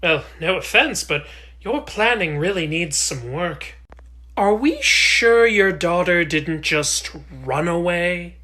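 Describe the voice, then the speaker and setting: A man's voice: sits high, lively intonation, slow, sharp tone, pitched below the performer's own voice, exaggerated voice. A man doing a weary, blunt goddess guide. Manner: blunt, dryly critical. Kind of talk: comedy sketch voice acting.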